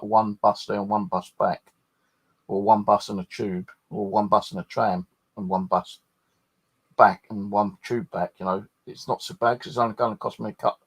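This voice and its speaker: A man's voice: lowish voice, husky. A man hosting a paranormal channel, chatting casually and rambling, swearing freely as he talks. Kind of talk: casual late-night chat.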